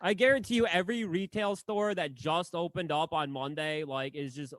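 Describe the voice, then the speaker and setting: A man co-hosting a casual podcast, throwing in profane, deadpan ironic jokes. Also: a little high, normal speed, no room sound. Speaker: podcast co-host. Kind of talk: casual chat.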